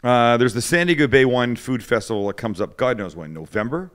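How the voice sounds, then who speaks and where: A man's voice: medium pitch, fairly quick, a bit bright. A man hosting a cooking show, telling stories in casual chat and poking fun at his friends. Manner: joking storyteller, does voices of others.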